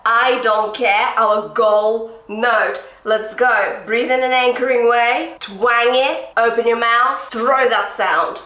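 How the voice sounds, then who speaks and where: Bright-voiced female vocal coach. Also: fairly high pitch, steady tone, slow, hardly any pauses, roomy sound. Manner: encouraging, directive coaching. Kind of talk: singing lesson with sung demonstrations.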